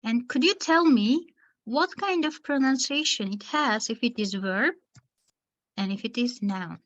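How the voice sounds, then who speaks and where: In an online session for teachers, a female trainer talks at a slow, careful pace, leaving gaps between words to show the stress. She sounds a little high and animated, with a fairly bright tone on dull audio.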